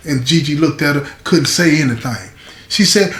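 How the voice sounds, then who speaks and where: A man's voice: a little high, moderate pace. Man spinning a street story, roomy echo. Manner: conversational, repeats phrases, asks listener "you understand?". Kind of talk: casual oral storytelling. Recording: echoey room.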